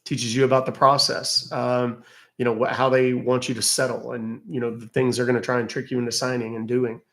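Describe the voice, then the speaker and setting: This livestream host, around fifty, replies to viewer questions in a wry, talkative way. He speaks fairly quickly in a medium-pitched, fairly bright voice with little pitch movement.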